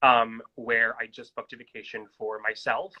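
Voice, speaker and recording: Excitable bright-voiced male stream host. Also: mid-range voice, normal speed, dull audio. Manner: excitable, gushing, chatty. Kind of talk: casual live-stream interview. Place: at home in New York. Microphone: phone on a social-media live stream.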